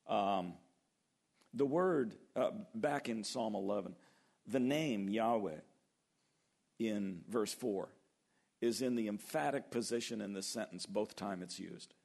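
Male pastor, sermon, animated delivery, acts out voices, stresses key words slowly. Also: lowish voice, gravelly. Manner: animated, acts out biblical voices, slows for emphasis.

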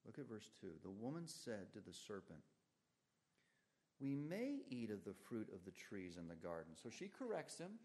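A man preaching a sermon, reading aloud from scripture and explaining it with strong swings in pitch and loudness. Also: huge pitch swings, normal speed. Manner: emphatic, rises and falls sharply in pitch and volume.

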